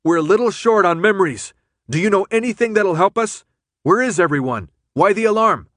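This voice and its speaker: A man voicing an urgent young leader, shouting. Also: fairly high pitch, lively intonation, normal speed, no room sound, studio quality, voice pushed up. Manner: loud and urgent, raised over noise.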